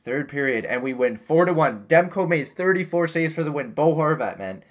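A young man casually commentating his own video game season, getting loud when excited and muttering when disappointed. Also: on the high side, normal speed. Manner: excitable, swings between yelling and muttering. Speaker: gaming YouTuber.

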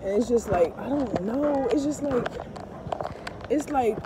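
A woman's voice: fairly high pitch, lively intonation, unhurried. Rambling woman vlogging by a noisy street. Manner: rambling, keeps asking "you understand?", curses freely. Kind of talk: casual confessional vlog. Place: outdoors by a busy street. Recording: street noise behind the voice. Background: passing traffic and car engine noise.

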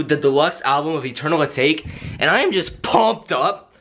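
A young man with a voice pitched a little high for a man rants to the camera in a comic vlog. He rambles in an excitable way, keeps stringing thoughts together with filler words and keeps checking whether the listener is following. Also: normal speed. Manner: rambling, excitable, fills with "like" and "right?". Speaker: vlogger. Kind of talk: comedic rant to camera.

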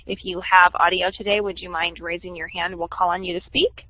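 A woman's voice: lowish voice, little pitch movement, fairly quick, dry recording. Woman moderating a lo-fi webinar. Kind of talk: reading chat comments aloud. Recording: dull lo-fi webinar audio.

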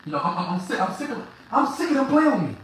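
Brief: excitable, heckling sports fan gone hoarse; pitch leaps all over, echoey room. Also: rapid-fire, slight background noise. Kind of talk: trash-talking reaction rant.

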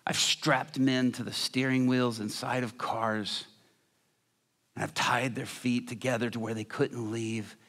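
A man voicing a hardened male prison inmate in a retold story, speaking low and slow. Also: flat delivery, fairly bright tone. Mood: grim.

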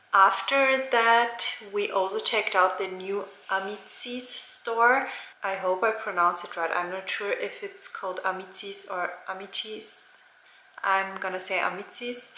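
A woman vlogger chats about her shopping finds, taking her time over every word. Her voice is bright and forward. The room around her is roomy and echoey. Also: medium pitch. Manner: chatty, describing shopping finds. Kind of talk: casual vlog chat. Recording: roomy echo.

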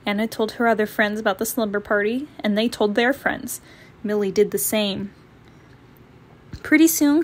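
A woman storyteller reading a children's picture book aloud, clear and expressive. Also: mid-range voice.

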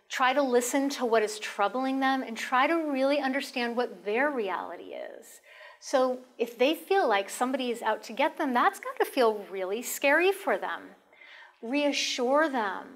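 Calm, gentle woman health educator. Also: on the high side. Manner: calm, instructive, softens into a gentle tone when modeling reassuring phrases. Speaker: marriage and family therapist presenting a caregiver talk.

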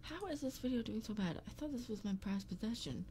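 A woman's voice: on the high side, expressive, fast talker, mellow, slight background noise. A woman livestreaming and chatting casually to her viewers, blunt and profane with playful grumbling. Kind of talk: casual stream chat. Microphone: streaming microphone.

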